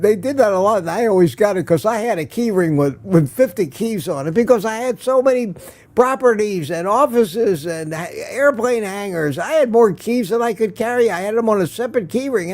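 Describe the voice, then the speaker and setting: Hosting a casual morning livestream, this man has a high, slightly mellow voice. He wanders through stories, laughs frequently, and responds to comments from viewers.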